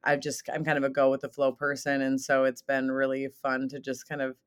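A woman in her late thirties from Southern Minnesota, chatting as a podcast guest in an energetic, talkative way with frequent laughs and fillers. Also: very deep voice, brisk, clear, resonant tone. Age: 30s. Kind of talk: casual podcast interview.

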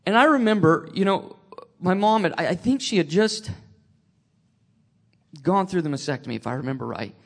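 A man sharing a personal faith testimony, emotional and tearful, halting with many restarts. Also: high-pitched, animated, creaky.

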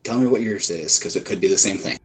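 A man playing a tabletop role-playing game over voice chat, talking in an animated way, sometimes dropping to a hush. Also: low voice, fast talker, poor audio. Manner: animated, hushed at times. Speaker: player.

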